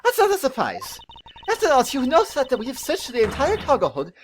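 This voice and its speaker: A woman's voice: wildly swooping pitch, fairly quick, noisy background. A woman voicing a scolding rival investigator while reading game dialogue aloud, theatrical and accusing. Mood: triumphant. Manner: theatrical, scolding, leaps high in pitch.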